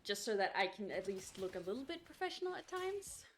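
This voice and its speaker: A woman's voice: mid-range voice, very animated, a little fast, a little hiss or hum. A young adult woman streamer chatting casually while she plays a game, rambling with lots of fillers and small restarts. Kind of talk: casual chat while gaming.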